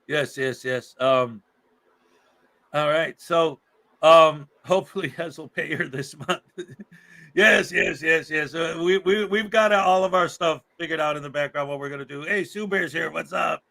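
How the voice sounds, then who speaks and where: A man's voice: on the high side, normal speed, vocal fry, sharp tone. A man hosting a livestream in casual chat, upbeat and repeating words for emphasis. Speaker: livestream host.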